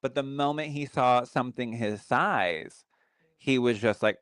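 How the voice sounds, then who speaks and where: A man co-hosting a podcast as a psychic medium, telling stories in an animated, chatty way and reading viewer comments aloud. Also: mid-range voice, a little slow, clear, resonant tone, no echo. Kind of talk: casual podcast chat.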